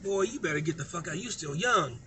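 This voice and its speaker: A man voicing an old prison lifer who scolds a young inmate gruffly. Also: on the high side, lively intonation, brisk, pushed and bright, a little hiss or hum, pitched below the performer's own voice. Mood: scolding.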